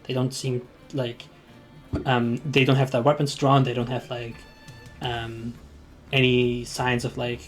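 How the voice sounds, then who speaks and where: A man's voice: mid-range voice, flat delivery, unhurried, soft background music. A man narrating as game master of a tabletop game, hesitant and full of fillers.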